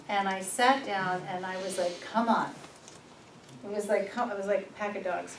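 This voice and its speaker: A woman presenting a workshop, telling personal stories in a lively, informal way and laughing at herself. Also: mid-range voice, a little fast. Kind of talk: personal storytelling in a workshop talk. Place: workshop room. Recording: echoey room, far from the mic, noisy.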